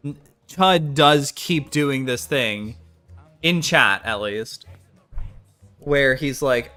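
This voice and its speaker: A man's voice: medium pitch, expressive, very slow, long pauses, bright, forceful tone, soft background music. A British man rambling casually while reacting to clips on a live stream, often unsure and trailing off.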